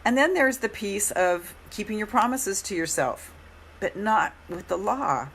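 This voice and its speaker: A middle-aged woman hosting a live coaching stream, speaking in a gentle, encouraging way with a hoarse voice and often repeating her phrases. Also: mid-range voice, animated, unhurried, a little hiss or hum.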